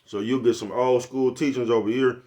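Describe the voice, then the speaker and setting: A man's voice: mid-range voice, steady tone, a little fast, dark tone. An older man, giving a blunt, preachy, profane motivational monologue to his viewers. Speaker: vlogger.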